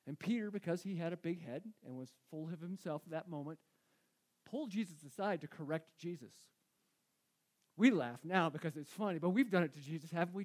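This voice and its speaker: A male pastor preaching a sermon, acting out Bible figures and swinging from loud to hushed. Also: high voice, normal speed.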